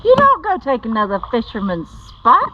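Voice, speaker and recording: A woman's voice: a little high, wildly swooping pitch, normal speed. Mock-mad woman kayaking. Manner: fussy, mock-angry, repeats herself. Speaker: fishing video creator. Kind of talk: casual banter while fishing. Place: outdoors on a creek, kayaking. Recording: muffled outdoor camera audio with water noise. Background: water and boat noise.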